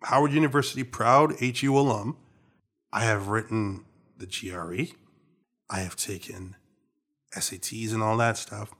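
A young man from Trinidad and Tobago with a Trinidadian accent, co-hosting a casual chat and telling stories in an animated, playful way. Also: lowish voice, normal speed, long pauses. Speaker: podcast co-host.

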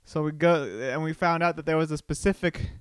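A man's voice: a little high, fairly even intonation, a little fast, smooth, no echo. A man hosting his own podcast, telling a rambling personal story in a chatty, casual way. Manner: rambling, chatty, with many restarts and fillers. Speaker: podcast host. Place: Texas home.

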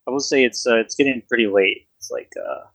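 A man's voice: medium pitch, big pitch swings, brisk, a bit bright, husky, no echo. A man narrating as game master in a casual tabletop game, laughing and swearing freely.

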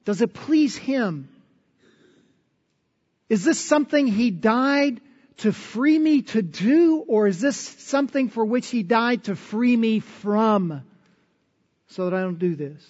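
A man's voice: extremely high pitch, expressive, slow pace, pauses often, darkish tone, muffled recording. A man preaching a sermon in an earnest, conversational way, posing strings of rhetorical questions. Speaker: pastor.

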